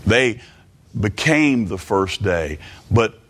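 A preacher teaches from the Bible during a sermon, his fairly low, fairly bright voice animated as he halts and repeats words. He slows down to quote scripture with emphasis.

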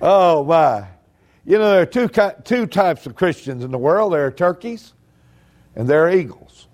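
A man's voice: a little high, darkish tone. A man preaching a sermon, telling folksy stories with humor.

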